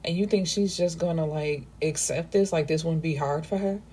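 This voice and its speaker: A woman book reviewer casually recapping a novel, chatty and emphatic, reacting out loud to the story. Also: deep voice, moderate pace, breathy edge.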